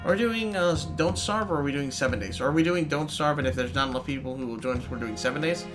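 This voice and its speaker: A man's voice: on the high side, fast. A man streaming live, chatting casually and rambling to his viewers while he plays. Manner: rambling, chatty, talks to chat while playing. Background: game music.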